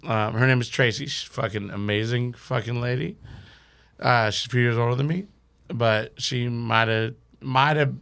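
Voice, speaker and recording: A man's voice: medium pitch, steady tone, moderate pace, vocal fry, a bit bright, smooth. A young man telling a wild drinking story as a podcast guest, swearing and laughing through it. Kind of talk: casual storytelling.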